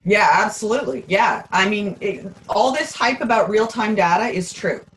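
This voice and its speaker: Chatty, slightly hoarse woman guest. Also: medium pitch, moderate pace, a bit bright, rough recording. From Canada. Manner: upbeat, chatty. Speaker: guest presenter, bookkeeper. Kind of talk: casual interview.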